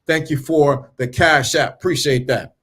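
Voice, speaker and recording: A blunt man in his fifties speaking hosts his own channel and lectures in a preachy, repetitive way. He mocks the people he is turning away and keeps circling back to the same lines. His voice sits a little high for a man. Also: steady tone, a little slow, a bit bright, slightly rough. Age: 50s. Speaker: channel host. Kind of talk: blunt motivational monologue.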